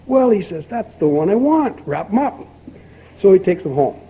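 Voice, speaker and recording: An older man speaking at a recovery meeting, telling a long folksy joke and acting out both characters with lively emphasis. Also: high-pitched, normal speed, slightly rough. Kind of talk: storytelling talk at a recovery meeting. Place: meeting hall. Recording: dull lo-fi archival tape with faint hiss.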